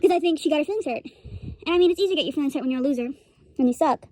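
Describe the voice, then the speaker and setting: High-voiced young woman ranting casually. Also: rapid-fire, darkish tone, dry recording. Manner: rambling, profane, laughs often. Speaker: streamer commentator. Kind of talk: casual rant commentary.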